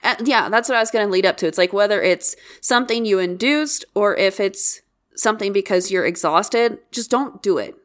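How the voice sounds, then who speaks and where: A woman's voice: medium pitch, fairly quick. Earnest woman co-host giving advice. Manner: earnest, advice-giving, moves the talk along. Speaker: podcast co-host. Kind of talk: casual chat.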